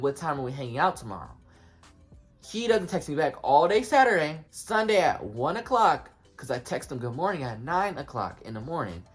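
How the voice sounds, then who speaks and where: Young man, husky breathy voice, animated slangy storytelling, casual vlog, faint music behind. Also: fairly high pitch. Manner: animated, slangy, talks straight to viewers. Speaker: vlogger.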